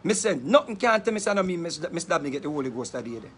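Jamaican man, high voice, animated storyteller, heavy patois, laughs a lot. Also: fast, slight background noise. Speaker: interviewee telling a story. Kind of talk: casual storytelling.

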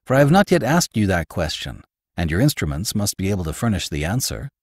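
A man voicing an excitable young nephew who asks rising, wondering questions. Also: deep voice, quick pace, no room sound, studio quality, heavily acted. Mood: excited. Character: eager young male scientist's nephew, excitable.

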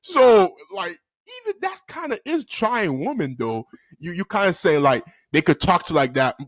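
Young man, slangy storyteller, high lively voice, dry room at a desk. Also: normal speed, dry recording. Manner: animated and slangy, laughs often. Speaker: storytime vlogger. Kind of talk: casual storytelling.

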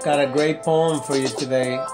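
A man's voice: mid-range voice, steady tone, normal speed. A man reading out his own humorous poem, chuckling and amused at himself. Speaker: amateur poet. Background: faint music.

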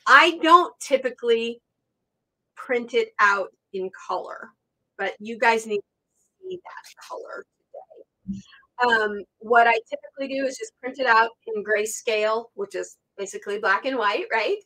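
A woman's voice: a little high, measured pace, pushed and bright, dry recording. A woman hosting a casual quilting tutorial, chatty, with many ums and self-corrections, recorded at her sewing table. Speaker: quilting instructor, channel host.

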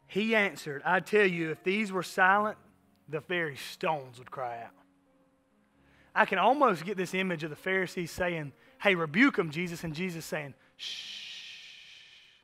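Bright-voiced man preaching a sermon. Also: sits high, animated, moderate pace, soft background music. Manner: conversational preaching with rhetorical asides. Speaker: pastor. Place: church sanctuary.

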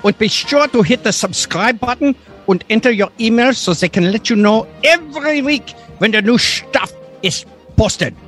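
A man's voice: sits high, expressive, moderate pace. A man voicing a playful German-accented announcer reading a podcast promo over music. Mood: jolly. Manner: playful, hammy. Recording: soft music behind.

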